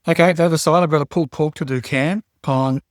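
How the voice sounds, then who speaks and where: A man co-hosting a casual investing podcast, talking in a relaxed, rambling way with fillers as he thinks aloud. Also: on the high side, fast talker, no room sound, studio quality. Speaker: podcast co-host.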